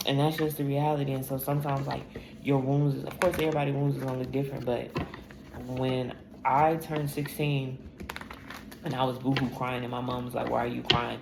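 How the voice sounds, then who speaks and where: A woman's voice: a bass voice, little pitch movement, fairly quick. A woman tarot reader talking through a casual spiritual reading, blunt and emphatic, swearing freely as she tells her own story. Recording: echoey room with clear background noise.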